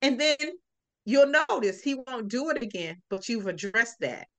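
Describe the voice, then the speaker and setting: A woman's voice: fairly high pitch, normal speed. A woman guest on a podcast chatting casually, with a sarcastic, comical way of telling stories and acting out quotes. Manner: animated, lots of acted-out quotes. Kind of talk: casual interview chat.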